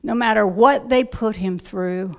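A woman preaching a sermon, emphatic and unhurried, with soft quiet asides. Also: mid-range voice.

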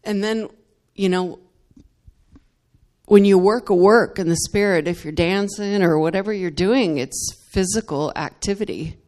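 A woman's voice: medium pitch, a little slow, a little mellow. Earnest woman giving church testimony. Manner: earnest and emotional, laughing between phrases. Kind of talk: spoken testimony in worship.

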